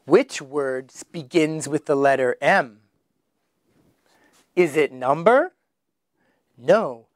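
A man teaching children their letters, slowly sounding out each one with exaggerated emphasis. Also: fairly high pitch, no room sound, clean studio sound. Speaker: English teacher. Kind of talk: children's phonics lesson.

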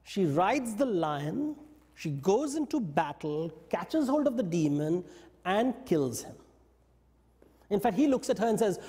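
A man giving a lecture, telling stories in an animated way and briefly acting out what the characters say. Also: high-pitched, a little slow, big-room sound. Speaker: invited speaker. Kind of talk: lecture on mythology. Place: yoga studio talk.

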